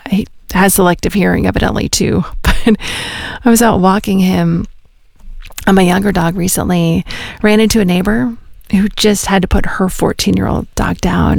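A woman's voice: medium pitch, fairly even intonation, normal speed, creaky, a little mellow, no room sound, studio quality. A woman radio host sharing a short scripted personal anecdote in a conversational, reflective way.

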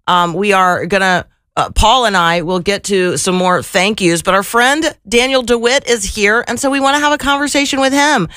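A woman hosting a radio show, chatting playfully with a guest in a hoarse, raspy voice. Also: medium pitch, normal speed, few pauses, a bit bright, no echo, studio quality. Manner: playful, laughing, bantering. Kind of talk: casual radio chat. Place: radio studio. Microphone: studio microphone.

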